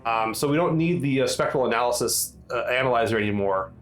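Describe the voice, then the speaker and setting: Halting man narrating as game master. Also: medium pitch, faint music behind, poor audio. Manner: halting, full of ums and restarts.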